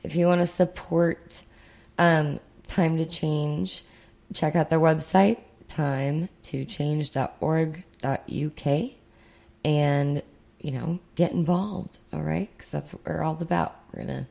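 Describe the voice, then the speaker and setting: A woman's voice: low-pitched, fairly even intonation, takes it slowly, vocal fry, warm tone. A young woman from the United States co-hosting a podcast in casual, rambling chat with sarcastic asides. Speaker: podcast co-host.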